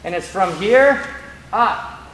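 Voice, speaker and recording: A man with a fairly high voice explains grappling drills and trades stories while demonstrating. He sounds lively and talkative. The recording comes from a roomy, echoing gym. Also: slow, a crowd in the background. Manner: animated, storytelling, demonstrates moves. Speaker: grappling coach. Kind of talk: mat-side technique instruction. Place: training gym. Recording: echoey gym, background noise.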